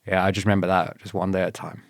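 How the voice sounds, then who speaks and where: A man's voice: low voice, very fast, gravelly, no room sound, clean studio sound. A man with a British accent, a podcast guest telling stories in a casual, laid-back way and quoting others with bursts of energy. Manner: laid-back, laughs often, quotes others in lively bursts. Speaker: podcast guest, former paratrooper. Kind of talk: casual storytelling interview.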